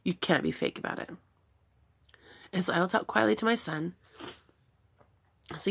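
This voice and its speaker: Gravelly earnest mom giving advice. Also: female voice, on the low side, moderate pace, pauses often. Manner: earnest, reflective, demonstrates gentle replies. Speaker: parenting talk host. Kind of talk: personal advice talk.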